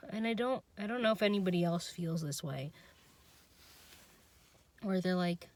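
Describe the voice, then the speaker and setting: A young woman talks through her frustration in an unscripted personal vlog. She halts, restarts and trails off, then laughs at herself. Her voice sits at a middling pitch for a woman. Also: expressive, unhurried, long pauses. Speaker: vlogger.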